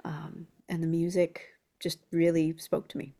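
A woman musician being interviewed, telling lively anecdotes and acting out quotes. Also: deep voice, moderate pace. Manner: animated storyteller who acts out quotes. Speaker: guest musician.

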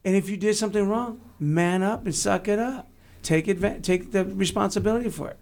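A man's voice: high-pitched, quick pace, vocal fry, darkish tone. A man from Texas, a guest telling blunt, joking stories in a casual interview. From San Antonio, Texas.

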